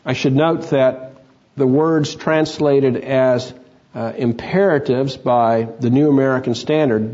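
A man preaching an expository sermon, explaining scripture in a measured, teacherly way. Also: mid-range voice, darkish tone, dull audio. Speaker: pastor.

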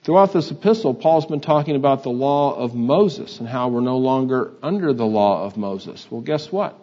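Older male preacher, unhurried and halting, muffled lo-fi recording. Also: medium pitch, expressive, warm tone. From Texas. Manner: halting, many uh fillers, conversational. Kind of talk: sermon. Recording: dull lo-fi sound.

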